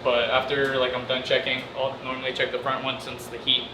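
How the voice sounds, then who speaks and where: A man who works at a barbecue restaurant, explaining his routine in a flat, matter-of-fact way. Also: medium pitch, brisk, noisy background. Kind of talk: casual explanation of work. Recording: echoey room with loud music.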